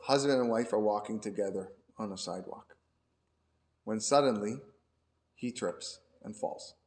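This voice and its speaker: A man's voice: fairly low pitch, moderate pace, a little mellow. A man who is a rabbi, giving a conversational lecture class and often repeating his words as he explains. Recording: roomy echo.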